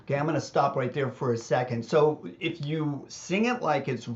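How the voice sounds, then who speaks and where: A man coaches singers through a hymn in an unhurried, easygoing manner, cutting himself off and laughing at his own wobbly singing voice. Soft organ music sits behind him, and the recording sounds a little muffled. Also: a little high. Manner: relaxed, self-deprecating, talks with false starts. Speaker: music teacher. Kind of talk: casual teaching with sung examples. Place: home music studio. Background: organ accompaniment.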